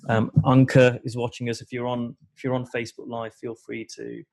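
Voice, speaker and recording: A man's voice: medium pitch, monotone, a little fast, darkish tone. A man hosting a live coaching webinar over a video call, talking casually with many fillers and restarts.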